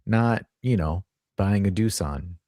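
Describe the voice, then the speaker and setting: A man's voice: low-pitched, expressive, slow pace, warm tone, dry recording, studio quality. A man co-hosting a casual live-stream chat, blunt and lecturing, who swears freely. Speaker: co-host.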